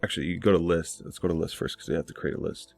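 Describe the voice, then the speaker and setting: Deep-voiced young man, casual tutorial. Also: fairly even intonation, rapid-fire, vocal fry, a little mellow, faint music behind. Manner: loose and rambling, lots of fillers and self-corrections. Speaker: online marketing tutor. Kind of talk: casual screen-share tutorial.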